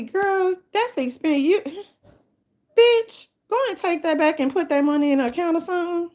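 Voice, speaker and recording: A woman with a New Orleans accent hosting a casual, profane storytelling monologue, brash and animated. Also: extremely high pitch, normal speed. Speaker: host.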